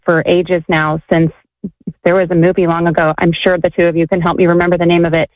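A woman's voice: lowish voice, level tone, fast talker, no room sound. A woman calling in to a radio show, telling her story in a chatty, rambling way with lots of fillers. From California. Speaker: caller. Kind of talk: phone call to a radio show. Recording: tinny phone line.

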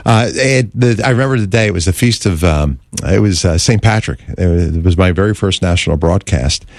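A male talk radio host telling a story in an interview, animated and stammering, acting out the scenes he recalls. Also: low voice, brisk, no echo.

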